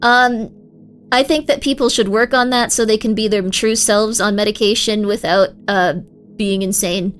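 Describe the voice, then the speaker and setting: A young woman streaming live, chatting casually with her viewers and breaking into sudden high, excited shouts. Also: moderate pace, faint music behind.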